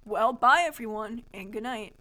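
A woman's voice: a little high, moderate pace, pushed and bright, poor audio. A young adult woman co-hosting a podcast, reading a childhood story aloud in a playful, amused way. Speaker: podcast co-host.

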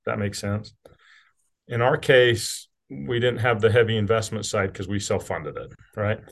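Speaking at a measured pace, this man has a lowish voice with vocal fry. He's a middle-aged CEO from rural Utah who appears as a podcast guest, talking frankly and casually in an interview, tossing in a curse now and then.

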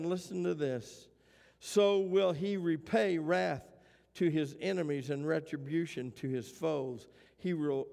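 High gravelly preacher in a reverberant hall. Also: male voice, a little mellow. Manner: preaching to a congregation, reading scripture aloud and asking for responses. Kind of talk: sermon.

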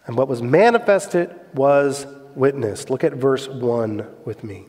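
A man preaching a sermon, emphatic and fond of rhetorical questions, swinging between loud passages and soft ones. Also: mid-range voice, lively intonation, a little slow, husky. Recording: long hall reverb.

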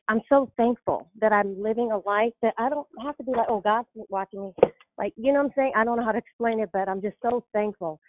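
A woman's voice: mid-range voice, dry recording. Breathless woman caller on a phone line. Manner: eager, chatty, searches for words. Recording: phone-line call audio.

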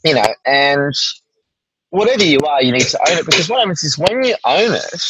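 A man's voice: a little high, lively intonation, a little fast, noisy background. An Australian man chatting as an interview guest, rambling and often tagging his points with "right?". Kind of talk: casual interview chat.

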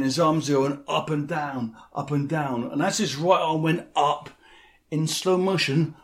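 Bloke telling his story straight, bit of swearing, slightly high voice. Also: a little mellow, slightly rough. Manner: blunt, vivid storyteller who swears freely. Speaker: interviewee. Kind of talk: telling a personal story in an interview.

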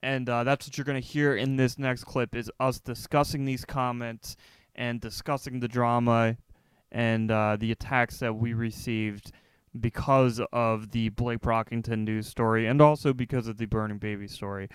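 A man's voice: medium pitch, flat delivery, moderate pace, clean tone, no room sound. A man co-hosting a podcast, talking casually and loosely, with plenty of profanity and fillers. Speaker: podcast co-host. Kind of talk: casual podcast talk and segment intro.

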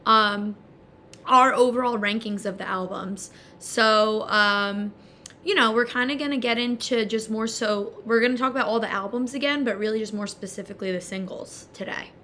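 A bubbly young woman co-hosts a podcast in a bright, fairly high voice, rambling and giggling between many fillers. A faint low rumble sits under the recording. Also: normal speed. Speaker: podcast co-host. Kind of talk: casual podcast chat.

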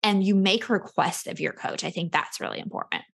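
A woman's voice: mid-range voice, a little fast, gravelly, slightly rough. Upbeat woman podcast host. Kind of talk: casual podcast conversation.

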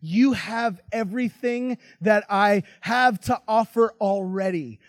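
A man voicing a loving father who speaks softly and tenderly to his resentful son. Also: sits high, takes it slowly, no room sound. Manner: soft, tender, pleading. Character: gentle, loving older father.

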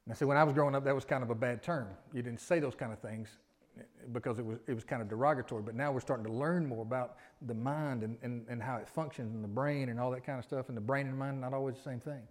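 A man's voice: medium pitch, steady tone, quick pace. A middle-aged man preaching a sermon in a folksy, conversational way, drawing responses from the congregation. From Alabama, US. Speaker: pastor.

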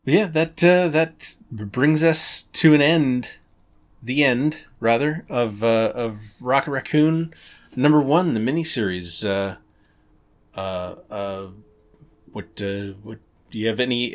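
A man's voice: medium pitch, animated, a little slow. A man in his forties hosting a comics podcast, chatting casually, laughing often and swearing now and then. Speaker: podcast host. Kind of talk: casual chat.

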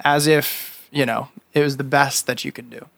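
A man running a tabletop game as game master, relaxed and quick to laugh while he rules on the fly. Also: mid-range voice, gravelly, no echo.

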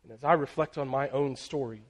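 A man preaching a sermon, building in intensity through emphatic lists and dropping to a near hush on key phrases. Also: mid-range voice. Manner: slows and drops very soft on key phrases.

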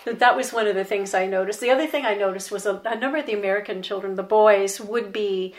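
An older Canadian woman shares childhood memories in an unhurried storytelling way. She laughs lightly now and then as she recalls the past, her voice at an even middle pitch. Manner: warm nostalgic recollection, laughs often. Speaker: interview guest. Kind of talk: reminiscing storytelling.

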